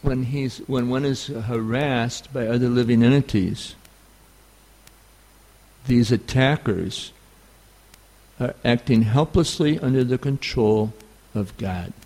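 A man with a New York accent giving a scripture class, halting and full of fillers. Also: medium pitch, a little mellow. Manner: halting, many fillers and restarts. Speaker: spiritual teacher.

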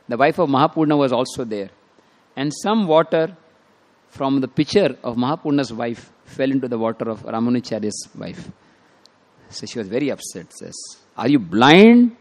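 Man telling a sermon story. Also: medium pitch. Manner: retells a story with acted quotes and small laughs. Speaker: preacher.

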